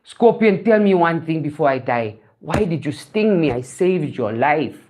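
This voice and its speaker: A woman's voice: low-pitched, animated, unhurried, a little mellow. A woman voicing a kind but wary frog in a storytold fable, hesitant and worried. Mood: dying.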